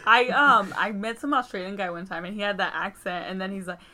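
A woman's voice: medium pitch, fairly quick. A young woman in casual chat, laughing often and telling stories with lots of energy. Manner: laughing often, animated storytelling.

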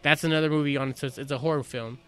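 A man in casual conversation, telling a rambling, animated story with many restarts. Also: a little high, racing, clean tone. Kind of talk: casual chat.

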